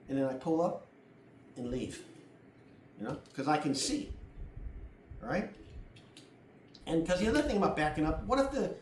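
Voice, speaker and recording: A man's voice: a little high, a little hiss or hum. A middle-aged man giving casual driving advice, blunt and full of swearing as he walks through a demonstration. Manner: blunt and profane, acts out other drivers. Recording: echoey room from a distance.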